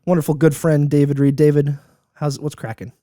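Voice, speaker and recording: A man's voice: a little high, flat delivery, a little fast, dark tone, dry recording, clean studio sound. A young man hosting a podcast in casual chat, upbeat and joking, laughing often. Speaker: podcast host.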